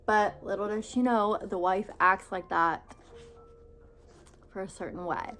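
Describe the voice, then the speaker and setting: A young woman talking casually and excitedly about books she loved, full of "like"s and repeated words. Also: mid-range voice, measured pace, slight background noise. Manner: gushing, filler-heavy with many "like"s and repeats. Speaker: book vlogger. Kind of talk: casual book review vlog.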